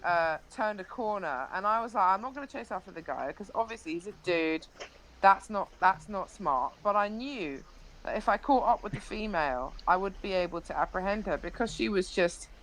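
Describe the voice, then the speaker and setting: A woman's voice: medium pitch, lively intonation, moderate pace, a bit bright, slight background noise, rough recording. A young woman, a live-stream interview guest, animatedly recounting an incident with frequent restarts.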